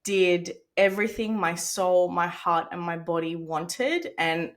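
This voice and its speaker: Host voice: woman, slightly low pitch, casual and supportive. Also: unhurried, hardly any pauses. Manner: warm, encouraging, casual with swearing. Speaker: podcast host. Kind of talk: casual interview chat.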